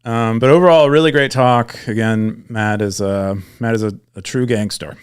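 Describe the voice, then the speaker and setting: Young guy co-hosting a podcast, smooth clear voice, rambles with lots of ums and restarts. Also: mid-range voice, steady tone, moderate pace. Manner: rambling, many restarts and fillers. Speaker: podcast co-host. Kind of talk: casual chat.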